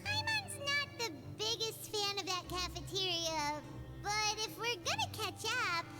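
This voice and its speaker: A woman's voice: very high-pitched, very animated, measured pace, full character voice. A woman voicing a small floating female companion in a video game, chirpy and greedy, who talks about herself by her own name. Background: game music.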